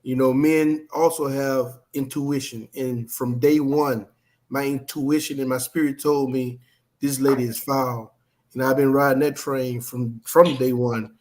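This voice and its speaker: A man joining a live-stream discussion as a guest, speaking haltingly with frequent restarts. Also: medium pitch, little pitch movement, a little mellow. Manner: halting, restarts his words often.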